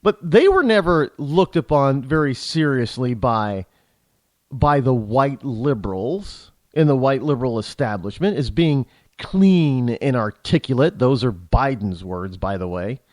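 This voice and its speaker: A man's voice: medium pitch, expressive, measured pace, a little mellow, dry recording. A man hosting a talk radio show, delivering a rambling, indignant monologue full of restarts and rhetorical questions.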